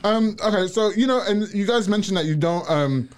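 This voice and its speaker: A man's voice: high-pitched, lively intonation, a little fast, smooth. A man hosting a podcast interview, chatting casually and switching between English and Spanish, laughing often. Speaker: podcast host.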